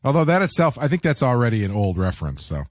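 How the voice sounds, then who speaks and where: A man co-hosting a podcast, telling stories in a wry, deadpan way. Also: mid-range voice, fast talker, no echo. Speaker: podcast co-host. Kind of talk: casual chat.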